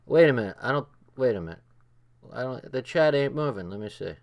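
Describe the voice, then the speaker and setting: Older male streamer, excitable and profane, mid-pitched, laughs through his lines. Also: brisk, gravelly. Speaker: livestream host. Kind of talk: late-night livestream commentary.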